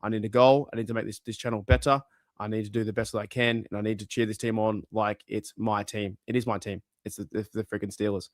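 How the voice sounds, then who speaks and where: Excitable male fan host, dry voice. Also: fairly low pitch, fast talker, no room sound. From Australia. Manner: chatty and excitable, swears casually. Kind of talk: casual live-stream chat.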